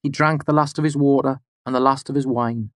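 A man narrating a fairy tale in an audiobook, with a measured, rhythmic storytelling delivery. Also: mid-range voice, steady tone, fairly bright tone, dry recording, clean studio sound.

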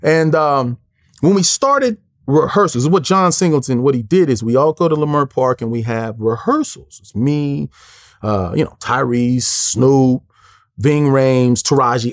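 A man's voice: mid-range voice, moderate pace, dry recording, clean studio sound. A man in his forties from Los Angeles, an interview guest telling stories and acting out the lines of the people in them. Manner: acts out quoted lines in lively voices, swears freely. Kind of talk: animated storytelling.

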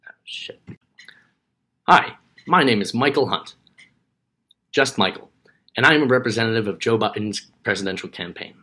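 A man's voice: on the low side, bright, forceful tone, slightly rough, no room sound. A man playing a flustered, awkward campaign spokesman in a comedy sketch, stumbling over bad examples and muttering asides.

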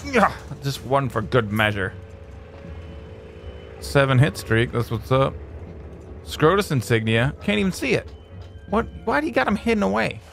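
A man hosting a let's play, giving excitable, jokey gameplay commentary that jumps to high exclamations. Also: moderate pace, gravelly, pauses often, soft background music.

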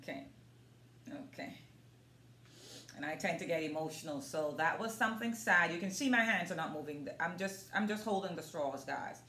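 A woman's voice: fairly low pitch, moderate pace, sharp tone. A woman vlogging in an earnest, casual way, talking straight to her viewers as a motivational vlogger. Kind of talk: casual demonstration vlog. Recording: roomy echo.

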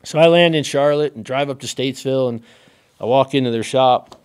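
Guy on a podcast spinning old racing stories, mid-pitch voice, lots of "like" and restarts, rambly and animated. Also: brisk, smooth. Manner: animated, rambling with many fillers and restarts, laughs often. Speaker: guest race car driver. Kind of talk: casual storytelling in a podcast interview.

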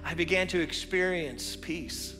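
A male teaching pastor giving an earnest sermon, telling a personal story and leading a quiet prayer, recorded in a church sanctuary. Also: on the high side, a little slow. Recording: church hall reverb with music.

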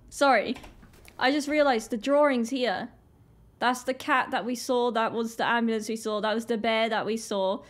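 A young British woman with a British accent, hosting a casual reaction vlog, chatty and excitable with many "like" fillers. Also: fairly high pitch. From Britain. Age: young adult. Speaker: reaction video host. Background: faint music video playing.

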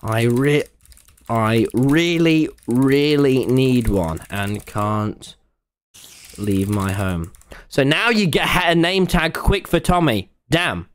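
A young man with a British accent, chattering excitedly and swearing while playing a game on a live stream. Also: medium pitch, slow pace.

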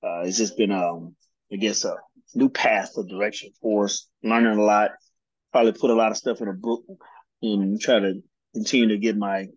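A man on a group call, speaking haltingly with many "uh"s and "um"s. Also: lowish voice, fairly even intonation, husky, no echo, dull audio. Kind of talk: casual reflection.

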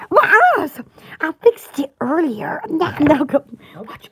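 A woman's voice: high-pitched, sing-song, slow pace. A woman with a Southern accent chatting casually in a rambling, giggly way, as a store owner on a live stream.

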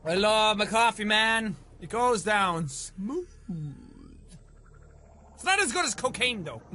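Excitable young male gamer, very high bright voice, swears a lot, talks to the game. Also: a little hiss or hum. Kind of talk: let's play commentary.

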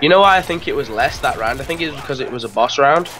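A man's voice: mid-range voice, expressive, rapid-fire, crowd noise. A young man joining a friend's co-op game video, laughing often, swearing, and getting panicky in tight spots. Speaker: guest co-op player. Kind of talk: casual co-op gameplay chat.

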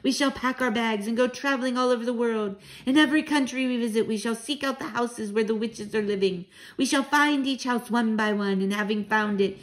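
A woman's voice: fairly high pitch, pitched above the performer's own voice, close to an everyday voice. A woman reading aloud, voicing a spirited old grandmother who speaks emphatically and commandingly. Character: fierce, spirited old grandmother witch-hunter.

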